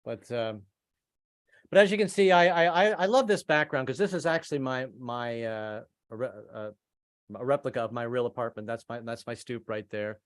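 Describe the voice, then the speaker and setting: A man's voice: medium pitch, moderate pace, dry recording, clean studio sound. A man doing a rambling stand-up set over a video call, stammering and repeating himself between jokes. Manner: rambling, stammering, trades in put-on voices. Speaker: stand-up comedian.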